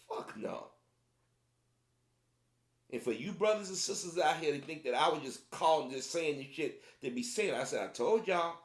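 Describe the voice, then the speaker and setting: A man giving casual commentary to his viewers, emphatic and repetitive, often restarting his sentences. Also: a little high. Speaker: commentary vlogger. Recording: roomy echo.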